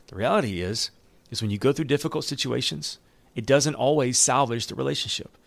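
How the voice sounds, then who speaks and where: A man's voice: mid-range voice, fairly quick, creaky, dry recording. A man preaching a sermon, reading scripture aloud and breaking in with joking asides. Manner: animated, joking asides with laughs. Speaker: pastor.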